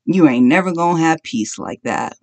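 A preacher delivering an impassioned sermon of repeated short commands that climbs at times into shouting. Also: medium pitch, expressive, normal speed, vocal fry. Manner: impassioned exhortation, rising to shouts.

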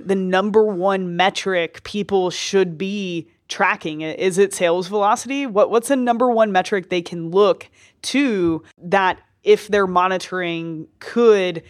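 A woman's voice: lowish voice, no room sound, clean studio sound. A woman co-hosting a marketing podcast, asking questions in an upbeat way. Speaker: podcast co-host. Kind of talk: casual podcast chat.

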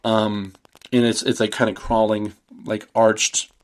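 A man's voice: lowish voice, flat delivery, a little slow. Rambling man recapping a horror film. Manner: rambling, swearing, acts out quotes with laughs. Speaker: podcast host.

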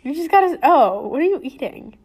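A woman's voice: high voice, big pitch swings, fairly quick, noisy background. A young woman co-hosting a casual book discussion podcast, teasing and laughing as she talks. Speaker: podcast co-host.

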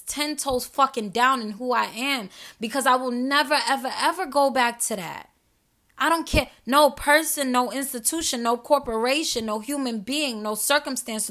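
Woman ranting on her podcast, gravelly, bright and kinda high. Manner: emphatic, profane, preachy, addresses listeners directly. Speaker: podcast host. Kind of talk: passionate solo podcast monologue.

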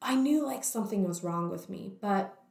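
Animated and speaking at a normal pace, this guest tells her personal story with a gravelly, slightly mellow mid-range voice. She's candid and leans heavily on "like" as filler, recorded in an echoey room.

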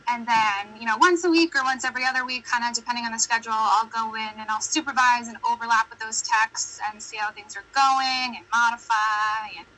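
Bright-voiced chatty American woman. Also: fairly high pitch, fairly even intonation, rough recording. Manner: chatty, laughing, quick storytelling. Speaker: podcast guest. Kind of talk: casual chat.

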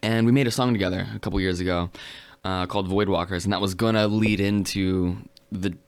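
A man's voice: deep voice, fairly even intonation, brisk, clean tone. A man from the United States, a touring musician, talking modestly and hesitantly with many fillers in a casual chat.

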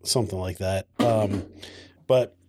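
A man's voice: low voice, a little slow, a little mellow, slightly rough, no room sound. Laid-back man with dry humor. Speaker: podcast co-host. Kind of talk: casual chat over beer.

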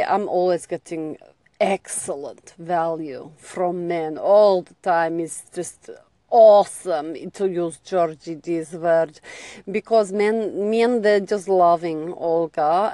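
A woman's voice: on the low side, warm tone, dry recording. A woman voicing a brash, sly Russian woman radio host who brags about taking from men. She speaks broken English mixed with Russian words in a theatrical way.

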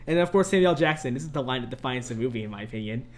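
A young man co-hosting a podcast, chatting casually about a movie, animated and laughing often. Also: mid-range voice, rapid-fire, a little hiss or hum. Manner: animated, laughs often, quotes lines in funny voices. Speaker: podcast co-host. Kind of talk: casual movie review chat.

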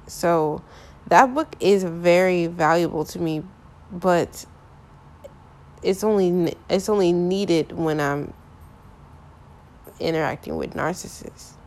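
A young woman talking candidly about her relationships in a casual, frank monologue full of filler phrases. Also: on the low side.

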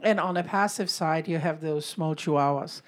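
A woman's voice: deep voice, normal speed. A woman co-hosting a casual chat, talking easily and giving tips.

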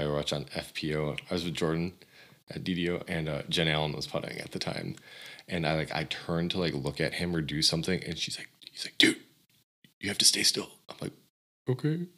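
A man's voice: very deep voice, little pitch movement, fast, fairly bright tone. A man co-hosting a podcast, telling stories in casual rambling chat, full of "like" and mimicking his own reactions. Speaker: podcast co-host.

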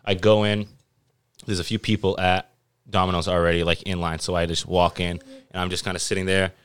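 A man's voice: low-pitched, flat delivery, fairly quick, clean tone. A man hosting a podcast, telling a long story in a laid-back, casual way and swearing freely. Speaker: podcast host. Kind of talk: casual chat.

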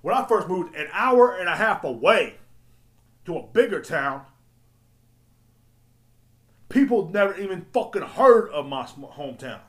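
A man's voice: sits high, big pitch swings, measured pace, long pauses. A man ranting profanely and rambling as a podcast host. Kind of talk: casual solo rant. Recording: roomy echo.

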